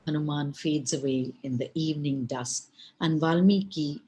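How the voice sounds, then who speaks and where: A woman storyteller telling a folk tale in an unhurried, expressive way, with asides to her listeners. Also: sits low, poor audio.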